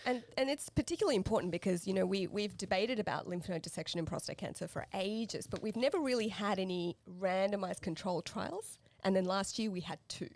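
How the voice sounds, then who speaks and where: A woman co-hosting a medical podcast in casual chat, brisk and supportive. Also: medium pitch, darkish tone. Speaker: podcast co-host.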